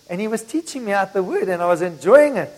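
A middle-aged man preaches to his congregation in a relaxed, conversational way, mixing personal stories into the message. His voice sits high for a man. The sound carries the long reverb of a church hall. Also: brisk. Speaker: pastor. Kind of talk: sermon.

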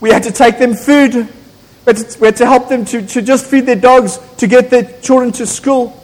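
A man's voice: very high-pitched, steady tone, normal speed. A man, a pastor preaching an impassioned, emphatic sermon in a church. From South Africa. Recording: echoey church hall.

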